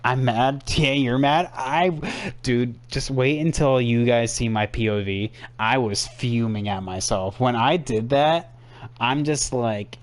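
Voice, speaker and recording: A man's voice: mid-range voice, measured pace, low-quality recording. A young man commenting on a racing game replay for his stream, rambling and self-deprecating as he talks to his chat. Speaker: gaming streamer.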